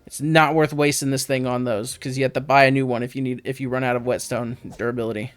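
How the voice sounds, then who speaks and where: A man's voice: mid-range voice, level tone, fast talker, a little hiss or hum. A man hosting a let's play, giving casual gameplay commentary with rambling, offhand tips to viewers on a close mic.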